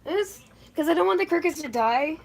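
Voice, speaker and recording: A woman's voice: extremely high pitch, expressive, moderate pace, creaky, a little hiss or hum. A woman streaming casually, swearing and stammering as she chases loose crickets into a cage. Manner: frustrated, swearing, stammering restarts. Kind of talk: casual live stream talk.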